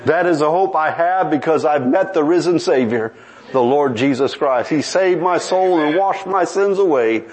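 Man preaching, high voice, animated storytelling, dramatic swings in delivery. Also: normal speed, rough recording. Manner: dramatic swings in pitch and pace. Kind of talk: sermon.

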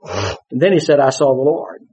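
A man preaching a sermon, animated, bursting into shouts and laughter as he tells his stories. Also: medium pitch, moderate pace, a little hiss or hum. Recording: dull lo-fi sermon recording.

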